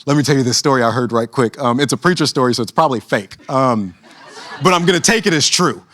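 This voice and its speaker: A man's voice: mid-range voice, fast, a bit bright. A young man preaching a sermon, telling a funny story with casual asides, then building to a rousing close.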